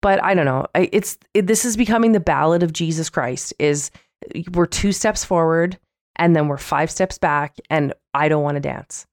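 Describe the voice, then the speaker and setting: Woman podcast co-host, low voice, dry sound, chatty and frank. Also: moderate pace, dry recording. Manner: candid, animated storytelling with quoted voices. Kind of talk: casual chat.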